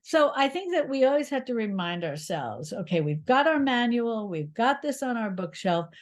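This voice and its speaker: A middle-aged woman, a cookbook author, talking in an interview. She tells lively, encouraging stories and laughs often. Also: on the high side, normal speed. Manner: encouraging, reassuring. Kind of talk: conversational interview.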